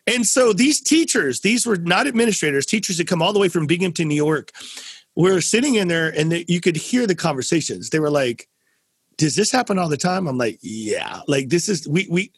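A man hosting a casual conversational interview, an animated storyteller who acts out quotes with big swings in his voice. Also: fairly high pitch, fairly quick, breathy edge, no room sound, clean studio sound. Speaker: podcast host.

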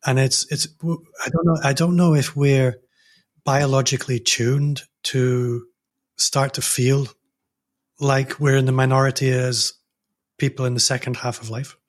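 A man's voice: medium pitch, level tone, a little slow. A middle-aged man hosting an interview podcast, thoughtful and searching for the right words. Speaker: podcast host. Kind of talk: interview conversation.

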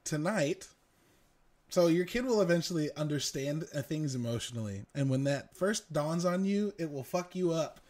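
Animated swearing man, chatty podcast host. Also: fairly high pitch, normal speed. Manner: swears freely, animated storytelling. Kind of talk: casual chat.

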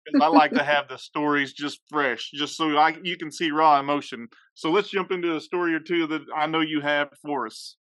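Bright-voiced male host, dry close sound. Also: a little high, steady tone, brisk, no echo. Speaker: podcast host. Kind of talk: casual interview chat.

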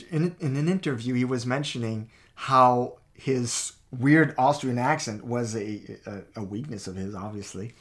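Male co-host of a faith talk show. Animated and emphatic, with frequent restarts. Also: mid-range voice. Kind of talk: faith talk with personal stories.

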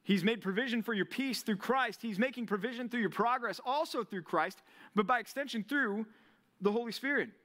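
A young man preaching a sermon to a college group, with a lively, conversational style full of rhetorical questions. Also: very high-pitched, fairly quick. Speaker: pastor.

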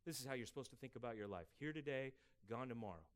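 A man preaching a sermon as pastor, emphatic and rising for scripture, dropping quiet for asides. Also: medium pitch, lively intonation, fast talker. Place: church sanctuary.

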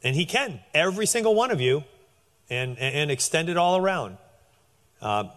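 Lively, animated man preaching. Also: fairly high pitch, moderate pace, big-room sound. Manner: animated, conversational, with frequent restarts. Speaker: pastor. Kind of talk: sermon.

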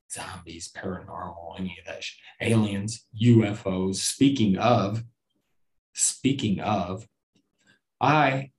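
Rambling, cursing podcast man. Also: on the low side. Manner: rambling, profane and self-deprecating, with frequent restarts. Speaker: podcast host. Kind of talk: casual solo podcast chat.

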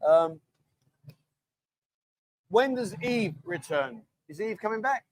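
A man's voice: sits high, lively intonation, takes it slowly. A middle-aged man hosting a casual livestream, chatting and reading out viewer comments in a matey way. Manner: chatty and matey, often calls people mate. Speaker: livestream host.

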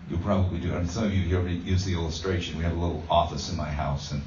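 A man's voice: low voice, level tone, quick pace, darkish tone, slight background noise. A man giving a conversational sermon as a pastor, telling a self-deprecating story with plenty of fillers. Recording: roomy, distant, dull sound.

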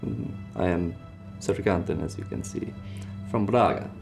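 A man's voice: low voice, measured pace, gravelly, over music. A man voicing a welcoming female temple priestess who greets formally and sometimes restarts his phrasing.

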